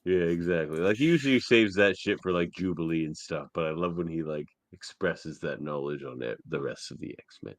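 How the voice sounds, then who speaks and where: A man co-hosting a podcast in casual chat. He talks in an animated way and laughs often. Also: low voice, brisk, hardly any pauses, no echo. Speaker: podcast co-host.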